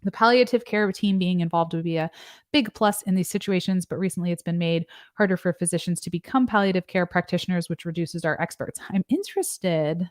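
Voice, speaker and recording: A woman's voice: lowish voice, a little fast, dry recording, clean studio sound. A young adult woman nurse practitioner hosting a casual livestream, chatting and joking as she reads viewer comments. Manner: chatty and joking, with asides and fillers. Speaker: nurse practitioner and channel host.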